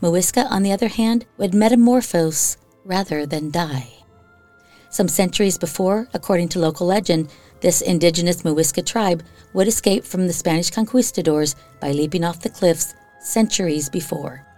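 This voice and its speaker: A woman's voice: fairly low pitch, moderate pace, mellow, soft background music. A woman from Iowa hosting a podcast, reading spooky stories in a chatty way with casual asides. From Iowa, USA. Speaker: podcast host.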